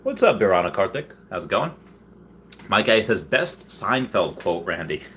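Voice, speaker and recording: A man's voice: big pitch swings, normal speed, slight background noise. A man hosting a casual livestream, reading viewer comments aloud and rambling with frequent laughs and restarts. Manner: bursts into high, loud put-on voices when quoting. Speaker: livestream host.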